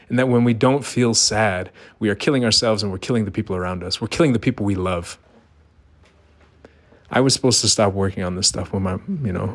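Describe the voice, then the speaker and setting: Earnest man asking questions, low voice. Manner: earnest, emphatic, rhetorical questions. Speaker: vlogger. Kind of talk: personal monologue.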